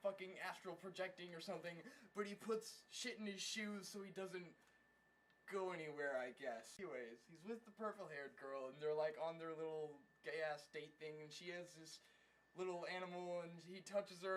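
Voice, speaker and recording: Young man, high voice, sarcastic, profane, rambling comedic recap. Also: steady tone, normal speed, a bit bright, slight background noise, low-quality recording. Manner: crude, sarcastic, profane, mocking voices of characters. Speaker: anime reviewer.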